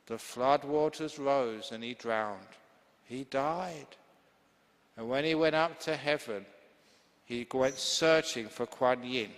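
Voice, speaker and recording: A man's voice: mid-range voice, fairly bright tone. A man, a Buddhist monk teacher, giving a humorous, chatty dharma talk full of stories. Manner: humorous, chatty, laughing easily. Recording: long hall reverb.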